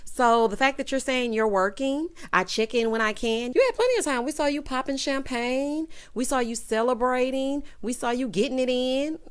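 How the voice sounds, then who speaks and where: Woman w/ doing a sassy tv recap, animated, talking right to viewers. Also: sits high. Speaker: TV recap vlogger. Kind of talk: casual opinionated recap.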